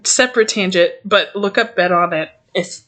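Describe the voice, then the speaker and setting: A young woman chatting on a podcast with her co-host, laughing often and swearing freely as she rambles through silly ideas. Her pitch sits in the middle of the range, and her voice sounds loose and unpolished. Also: normal speed, fairly bright tone. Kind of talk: casual chat.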